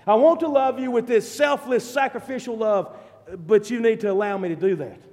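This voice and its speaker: A man preaching a sermon, rising to loud, fervent peaks and dropping to quiet, low passages. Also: brisk, in a large hall. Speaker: pastor.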